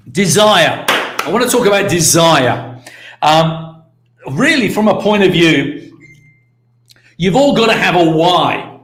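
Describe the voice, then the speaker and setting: A British man giving an energetic motivational talk on a live stream, repeating key words and calling out to viewers by name. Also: high voice, echoey room. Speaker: network marketing mentor hosting a live stream.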